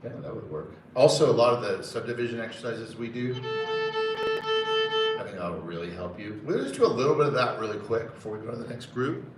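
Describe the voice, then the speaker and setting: A man's voice: medium pitch, sing-song, normal speed, recorded from a distance. A man teaching a live music lesson in a casual, hesitant way, often counting beats aloud. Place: conference center room. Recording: roomy sound from off-mic with loud music.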